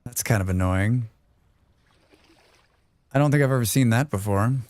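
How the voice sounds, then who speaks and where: A man's voice: mid-range voice, moderate pace, a little mellow, no room sound. A man streaming a survival game live, chatting casually, reading chat aloud and humming to himself as he plays. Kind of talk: casual gaming livestream chat.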